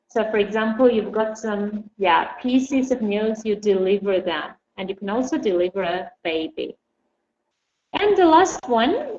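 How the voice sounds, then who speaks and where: A woman's voice: a little high, a little mellow. A woman teaching an English lesson, patiently calling on students by name. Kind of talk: online language lesson. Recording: echoey, dull, lightly noisy.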